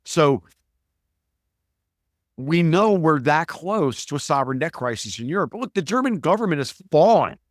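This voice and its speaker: A man talking as a guest analyst in a podcast interview, emphatic and profane, piling up quick digressions and restarts. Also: a little high, expressive, dry recording, clean studio sound.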